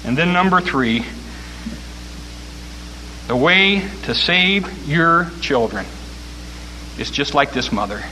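High-voiced, bright-sounding preacher man. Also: a little hiss or hum, low-quality recording. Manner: builds from calm to loud preaching. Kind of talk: sermon.

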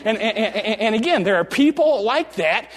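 A man preaching a sermon from the pulpit in a folksy, animated way, often restarting phrases and slowing down for drama. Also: sits high. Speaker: pastor. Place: church sanctuary. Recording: long reverb of a large hall.

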